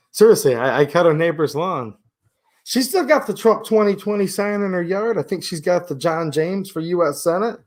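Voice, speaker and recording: Man, fairly high voice, livestream host, chatty, joking, rambling. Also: animated, moderate pace. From Michigan. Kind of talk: casual livestream chat reading viewer comments.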